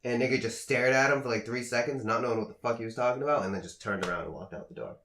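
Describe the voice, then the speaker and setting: A young man chats on a podcast, spinning animated stories from his job and acting out every quote. His voice sits in a middle register. The room around him is echoey. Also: medium pitch, rapid-fire. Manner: animated storyteller, acts out quotes, profane. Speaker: podcast co-host. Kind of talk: casual chat, storytelling.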